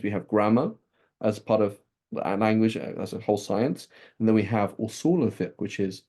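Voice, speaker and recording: Teaching a class on Islamic texts, a lowish-voiced man keeps things lively and conversational, with frequent "right?" checks and restarts.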